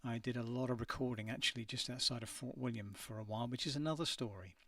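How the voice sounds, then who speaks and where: A man's voice: mid-range voice, quick pace, creaky, fairly bright tone, dry recording, distant mic. Chatty man a little off-mic in a dry studio. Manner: chatty, hesitant, many ums. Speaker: singer hosting a live stream. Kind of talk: casual livestream chat reading viewer messages. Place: his home studio.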